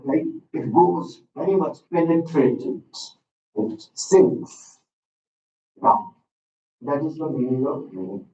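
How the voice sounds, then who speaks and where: A man with an Indian English accent lectures a class at a slow, unhurried pace, his voice sitting a little high. He is picked up by a distant microphone in a roomy hall, so the sound comes out echoey and dull. A light hum of ambience sits under his words. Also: expressive, warm tone. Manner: slow, deliberate teaching with frequent "okay" and repetition. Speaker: lecturer on Sanskrit texts. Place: school hall.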